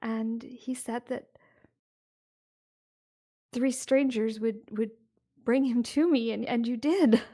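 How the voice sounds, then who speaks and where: A woman voicing an elderly wife who is tearful and overjoyed, speaking in a high, breathless, emotional way. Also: takes it slowly, long pauses, mellow. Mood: earnest.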